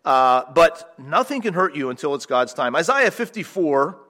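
High-voiced American preacher with lively emphasis. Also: male voice, moderate pace. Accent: American, slightly mixed with South African English. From Pennsylvania, USA. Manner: conversational, rising to animated emphasis, asks the congregation questions. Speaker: missionary preacher. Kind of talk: sermon.

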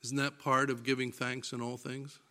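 A man preaching a sermon, deliberate and emphatic, reading scripture aloud. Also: mid-range voice, little pitch movement, pushed and bright.

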